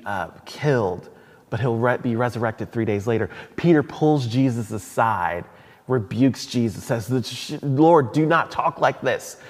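A man's voice: medium pitch, a little mellow. A man preaching a sermon in a church hall, conversational, with asides and restarts. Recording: long hall reverb.

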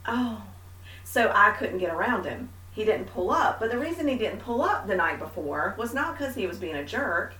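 A woman co-hosting a casual faith talk, telling a story with animated, self-mocking energy. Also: mid-range voice, moderate pace, far from the mic. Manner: animated storyteller, mimics herself. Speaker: podcast co-host. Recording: echoey room, a bit off-mic.

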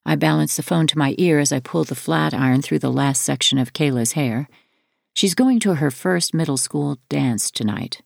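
Low gravelly woman reading her memoir, measured, dry close sound. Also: no echo. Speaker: audiobook narrator. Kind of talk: first-person memoir narration.

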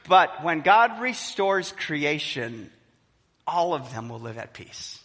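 Pastor, male, bright and animated pulpit delivery in a reverberant church hall. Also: a little high, slow pace. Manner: animated preaching, acts out quoted voices. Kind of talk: sermon.

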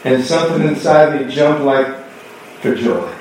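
Animated preacher in an echoey church. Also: male voice, medium pitch, a little slow, slight background noise. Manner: animated storytelling, acting out dialogue. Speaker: pastor. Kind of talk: sermon. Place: church sanctuary. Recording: echoey hall from far off.

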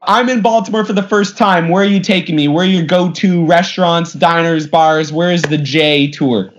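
A man's voice: fairly high pitch, normal speed. A male podcast host asking curious, prompting interview questions. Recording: dull lo-fi sound.

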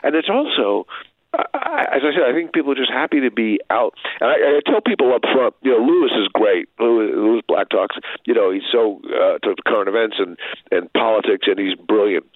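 A man in his sixties, a comedian guest, talking in a relaxed, self-deprecating way with small chuckles. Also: medium pitch, brisk, no room sound. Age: 60s. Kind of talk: casual interview chat. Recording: tinny phone-like line, dry.

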